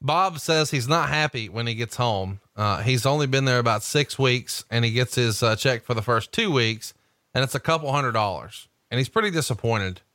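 Bright-voiced male podcast host, storytelling. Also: mid-range voice, expressive, normal speed, no room sound, clean studio sound. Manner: profane, storytelling. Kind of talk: casual chat, reading book excerpts.

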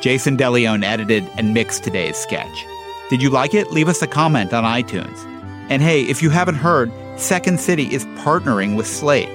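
A male podcast host reading a brisk, promotional outro. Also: medium pitch, animated. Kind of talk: scripted outro. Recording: clear music bed underneath.

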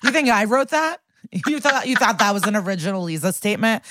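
A woman's voice: mid-range voice, lively intonation, fast talker, fairly bright tone, no echo, clean studio sound. A woman co-hosting a podcast, casually retelling a TV episode and acting out the characters' lines. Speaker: podcast co-host recapping a TV episode. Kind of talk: casual chat.

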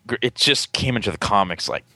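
A man co-hosting a podcast, reacting quickly and rambling through casual asides, laughing easily. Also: fairly low pitch, expressive, bright, forceful tone, no echo, studio quality. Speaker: podcast co-host.

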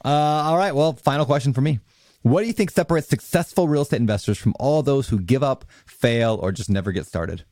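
A man's voice: mid-range voice, fairly quick, darkish tone, no echo, clean studio sound. A man co-hosting an interview show, asking questions in an upbeat, joking way. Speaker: podcast co-host. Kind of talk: casual interview chat.

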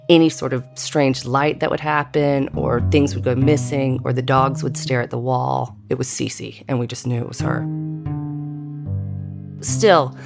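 A middle-aged woman narrating a personal story in a measured, deliberate way. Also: sits low, gravelly. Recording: guitar music underneath.

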